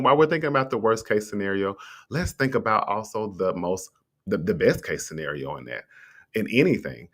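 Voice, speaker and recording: A man with a lowish voice hosts a motivational livestream. He talks casually and directly to his listeners, and his pitch jumps when he asks rhetorical questions. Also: lively intonation, a little fast. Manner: conversational and encouraging, addresses listeners directly. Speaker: host. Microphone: streaming setup with a mute button.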